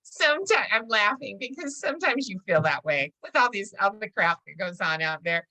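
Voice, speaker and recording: A woman's voice: medium pitch, lively intonation, normal speed, pushed and bright, dry recording, low-quality recording. A middle-aged woman teaching a real estate course in a casual, chatty way, often laughing as she tells stories. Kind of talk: casual classroom lecture.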